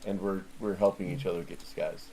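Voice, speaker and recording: A man's voice: deep voice, little pitch movement, fast, mellow, low-quality recording. A man playing a tabletop game online, chatting casually in a hesitant way with dry humor. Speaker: tabletop player.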